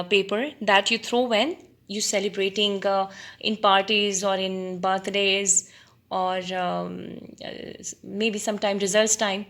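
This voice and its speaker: A woman teacher reading a story aloud to students, pausing deliberately to define words and quiz them. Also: fairly high pitch, bright, forceful tone.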